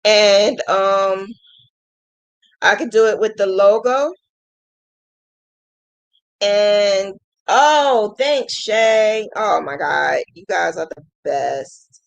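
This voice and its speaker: A woman's voice: medium pitch, very slow, vocal fry, pauses often, rough recording. A woman hosting a casual crochet livestream, thanking viewers emotionally and laughing often. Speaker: crochet channel host.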